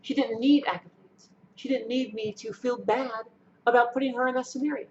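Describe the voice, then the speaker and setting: Middle-aged woman vlogger, earnest and halting, slightly high voice, muffled home recording. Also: fairly even intonation, a little mellow. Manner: earnest, repeats herself, halting restarts. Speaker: vlogger telling a personal story. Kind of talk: emotional personal storytelling. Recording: dull lo-fi sound with faint noise.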